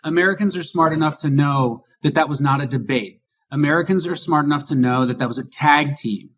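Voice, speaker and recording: A man's voice: on the high side, fairly quick, fairly bright tone. A male podcast host speaks in a slightly raised register. He drives home political commentary with emphatic rhetorical questions.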